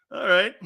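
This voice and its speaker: A man hosting a sports talk show, rambling loudly, laughing at his own jokes and calling out to an off-mic producer.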